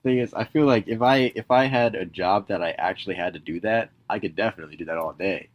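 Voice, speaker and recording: A man's voice: on the low side, fast, dry recording, dull audio. A man co-hosting a podcast, talking in a laid-back way and thinking aloud in casual chat. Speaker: podcast co-host.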